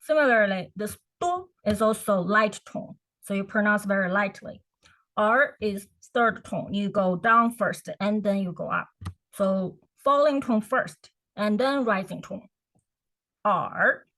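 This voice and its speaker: A woman's voice: mid-range voice, a little slow, a bit bright, poor audio. A woman teaching a beginner class, explaining patiently and repeating each word for practice. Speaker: Chinese language teacher. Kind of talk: beginner language lesson.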